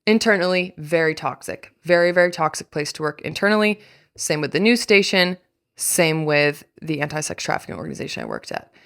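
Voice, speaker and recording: A young adult woman hosting a podcast, speaking candidly in a deep voice that frays into fry, blunt and swearing freely with wry asides. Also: a bit bright. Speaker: podcast host. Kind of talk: candid personal monologue.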